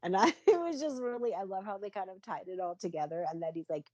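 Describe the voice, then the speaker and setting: A woman co-hosting a podcast, chatting casually and reacting quickly to her partner. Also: mid-range voice, no echo, dull audio. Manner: lively, agreeing, quick reactions. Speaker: podcast co-host. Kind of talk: casual chat.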